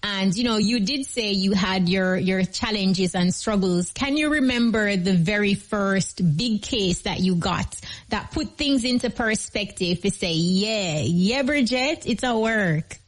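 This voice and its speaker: A woman's voice: mid-range voice, measured pace, hardly any pauses. A woman host, asking questions in an interview and repeating words as she works toward the point. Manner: rambling, repeats words while framing questions.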